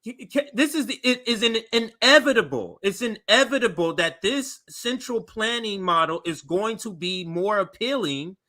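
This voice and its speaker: A man's voice: high voice, expressive, measured pace, hardly any pauses, bright, forceful tone. A man in casual political chat, starting and restarting his sentences as he thinks aloud.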